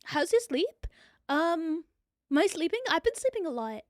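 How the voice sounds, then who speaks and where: A woman from New Zealand with a New Zealand accent, chatting excitably on a live stream, a bit out of breath and swearing freely. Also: very high-pitched, measured pace, no room sound, studio quality. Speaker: VTuber streamer.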